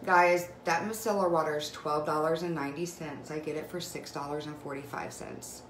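Speaking briskly in a low-pitched voice, a young woman who vlogs for direct sales gushes excitedly and emotionally about skincare during a casual live video chat. A phone mic picks her up in an echoey room at home with faint hiss.

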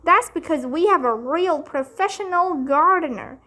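A woman's voice: extremely high pitch, lively intonation, moderate pace, bright, forceful tone, voice pushed up, full character voice. A woman voicing a spoiled, showy little rich girl in a storybook reading, with a whiny sing-song voice. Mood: showing off.

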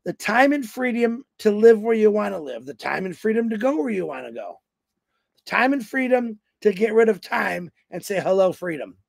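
A man in his fifties talks in a high, raspy voice with a lot of gravel. He rambles through a folksy motivational talk on a livestream and acts out the voices of the people in his stories. The sound is dry and close. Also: very animated, moderate pace, dry recording. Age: 50s. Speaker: motivational speaker on a company livestream.

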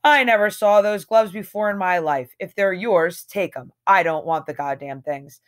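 A woman's voice: medium pitch, lively intonation, normal speed, pitched above the performer's own voice, natural voice. A woman voicing a young male student thief who plays innocent and turns combative, with a raised, defensive tone. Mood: defensive indignation.

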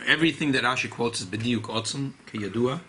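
A man, a rabbi, giving a classroom Torah lecture in an animated, emphatic way, often repeating key phrases. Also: medium pitch, a little fast, noisy background. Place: study hall classroom.

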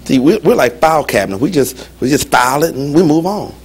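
A man preaching a lively, humorous sermon as pastor in a church, with call-and-response. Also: fairly high pitch, fast talker, husky. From United States.

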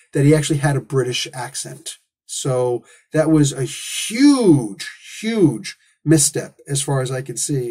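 A man's voice: mid-range voice, dark tone, slightly rough. A man hosting a comic book review, talking in a casual, opinionated monologue full of rhetorical questions and asides.

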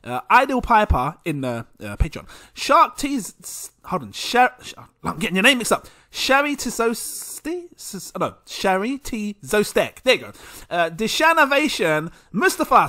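Male vlogger, casual and self-mocking, lively pitch, bright tone. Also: moderate pace. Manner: chatty, stumbling over names, laughing at himself. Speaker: crypto channel host. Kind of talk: casual shout-outs to supporters.

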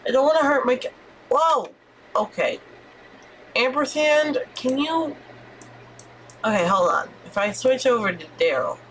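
A young adult woman streaming gameplay live, chatty and excitable, with frequent swearing and exclamations. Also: sits high, a little slow, pauses often, a little hiss or hum.

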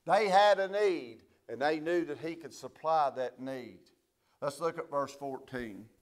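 A male pastor, preaching a sermon, reading scripture quietly and rising to loud emphatic preaching. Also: fairly high pitch, unhurried.

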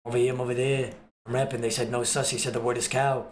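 A man's voice: mid-range voice, level tone, fast talker. Man, livestreamer, joking, swearing, echoey room, faint noise. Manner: loud, joking, swearing, banters with chat. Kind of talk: casual livestream chat.

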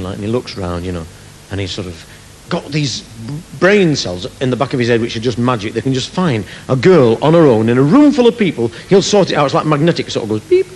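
A man's voice: mid-range voice, darkish tone, a little hiss or hum. A man doing stand-up comedy on a theatre stage, rambling through a story and laughing at his own jokes.

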